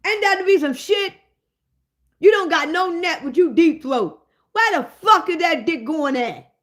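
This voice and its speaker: A woman hosting a comedic rant, profane and animated, talking straight to her listeners. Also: very high voice, measured pace. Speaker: host.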